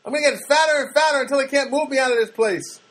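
A man's voice: very high voice, very fast, a bit bright, voice pushed up. A man doing a defiant donut-strike protester.

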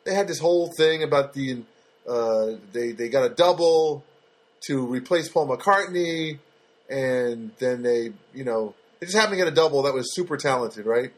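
A man chats on his own podcast in a husky, slightly breathy voice. He rambles along loosely, stopping and restarting his sentences and filling the gaps with ums and uhs. It sounds like an easygoing talk recorded at home. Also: mid-range voice, moderate pace. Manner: rambling, loose and chatty with many fillers and restarts. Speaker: podcast host. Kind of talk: casual solo podcast chat. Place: studio apartment.

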